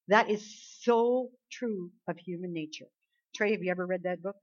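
A woman preaching a sermon, talking casually with the congregation and swinging between hushed and emphatic. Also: fairly low pitch, moderate pace, dull audio.

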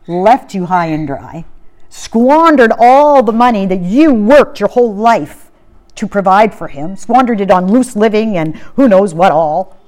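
A woman's voice: medium pitch, darkish tone, lightly acted. Resentful grown elder son, accusing and bitter, played by a woman preacher. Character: resentful indignant elder brother, a grown man.

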